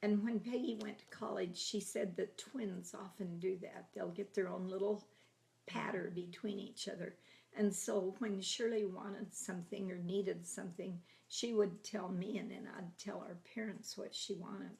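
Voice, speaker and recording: A woman in her eighties telling family stories from her childhood in a chatty, laughing way, often trailing into soft half-whispers. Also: medium pitch, steady tone, normal speed, creaky. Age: 80s. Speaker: grandmother telling her life story. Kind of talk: casual oral history reminiscing.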